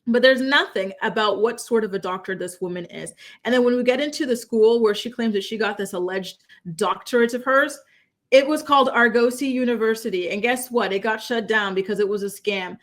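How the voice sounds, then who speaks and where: A woman's voice: fairly high pitch, fairly quick. A young adult woman hosting a commentary channel, talking casually to camera in an emphatic, chatty way full of rhetorical questions.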